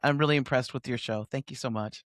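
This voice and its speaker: Animated woman in her sixties, dry sound. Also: very deep voice, fast, no echo. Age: 60s. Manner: lively, animated storyteller with frequent laughs. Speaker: guest, authority coach. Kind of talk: conversational interview storytelling. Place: home near Sydney, remote call.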